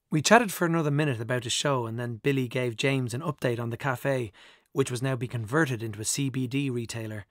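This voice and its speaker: A man narrating an audiobook in a measured, reflective first-person voice. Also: medium pitch, steady tone, no echo, clean studio sound. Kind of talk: scripted narration.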